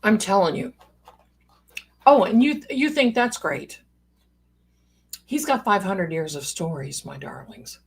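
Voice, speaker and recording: A woman's voice: medium pitch, animated, slow pace, vocal fry, long pauses, breathy edge. A woman hosting a live stream in casual chat, a chatty, rambling storyteller with playful asides who calls her viewers pet names.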